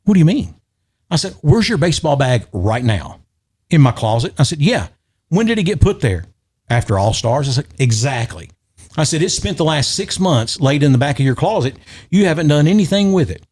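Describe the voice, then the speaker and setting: A middle-aged man tells a long story in casual podcast chat, animated and acting out the voices of the people he quotes. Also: a little high, a little fast, breathy edge. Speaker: podcast guest or host.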